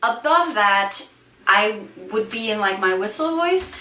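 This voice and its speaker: A woman singer and voice teacher talks through her vocal range in a relaxed, thinking-aloud way, full of "like" and "sort of". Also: mid-range voice, measured pace. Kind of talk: casual vocal demonstration. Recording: echoey room, distant mic, faint hiss.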